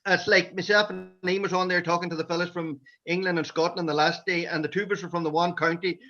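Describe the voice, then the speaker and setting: A man's voice: high voice, fairly even intonation, fast, bright, forceful tone. A man with a Donegal Irish accent telling rambling stories about his men's shed over a video call. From Ireland. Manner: rambling anecdotal storytelling. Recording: dull lo-fi video call audio.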